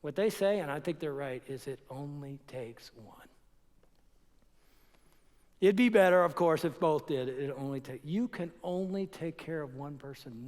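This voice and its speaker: Man preaching, high-pitched voice, conversational and energetic, long hall reverb. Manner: conversational and energetic, rising to fired-up exhortation. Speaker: pastor teaching on marriage. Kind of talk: sermon.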